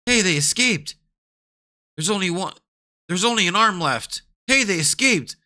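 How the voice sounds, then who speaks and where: A man voicing rough male prison guards who are shouting an alarm. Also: high-pitched, expressive, unhurried, pitched above the performer's own voice, exaggerated voice.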